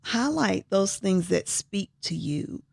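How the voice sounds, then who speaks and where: A woman's voice: mid-range voice, lively intonation, slow, creaky, a little mellow, husky, dry recording, clean studio sound. A woman co-hosting a devotional talk, encouraging and affirming as she urges listeners to read scripture. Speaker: co-host.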